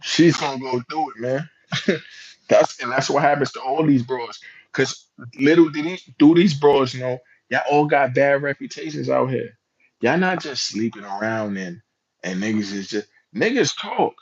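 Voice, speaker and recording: A man delivers reaction commentary in an emphatic, slangy way, leaning on rhetorical questions. His voice sits at an ordinary middle pitch. The recording is a little dull and lo-fi. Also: normal speed. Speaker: commentary vlogger.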